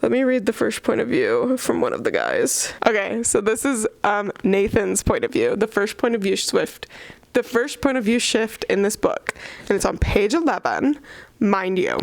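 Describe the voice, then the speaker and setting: A woman's voice: mid-range voice, big pitch swings, normal speed, gravelly, dry recording. A young woman giving casual, sarcastic book commentary, chatty and full of fillers. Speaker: book reviewer.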